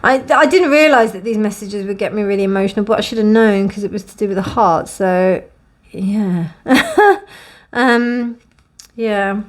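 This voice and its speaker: A young woman gives a casual, gently emotional tarot card reading in a warm, reassuring way. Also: medium pitch, animated, moderate pace. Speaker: tarot reader.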